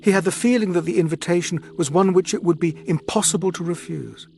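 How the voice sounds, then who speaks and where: A man reading an audiobook aloud in a measured, expressive way. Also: sits high, gravelly, faint music behind. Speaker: audiobook narrator. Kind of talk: scripted audiobook narration.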